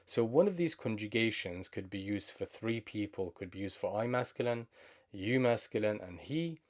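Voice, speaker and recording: A man with a Levantine Arabic accent teaches a language lesson. His voice sits fairly low. He speaks patiently and moves back and forth between English explanations and Arabic example phrases. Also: animated, moderate pace.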